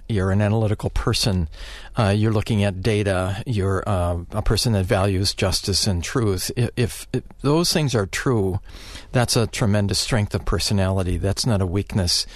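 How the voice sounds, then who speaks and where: A middle-aged man giving advice on a call-in radio show, speaking haltingly with many fillers and restarts. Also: on the low side, no room sound. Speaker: guest therapist.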